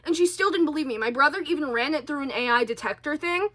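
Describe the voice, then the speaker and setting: A woman vlogger in a casual, rambling monologue, animated and exasperated, full of fillers and tangents. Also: high voice, fast talker. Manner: chatty, goes off on tangents, many fillers.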